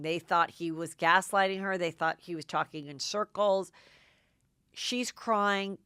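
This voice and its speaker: Chatty middle-aged woman host, smooth voice. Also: mid-range voice, unhurried, no echo, studio quality. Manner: chatty, excitable recapping with many "like"s. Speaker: podcast host. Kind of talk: casual gossip commentary.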